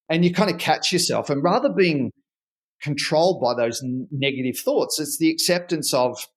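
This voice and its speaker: Animated middle-aged man storytelling. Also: medium pitch, normal speed. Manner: animated storyteller who acts out dialogue. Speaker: podcast guest, performance researcher. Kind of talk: conversational podcast interview.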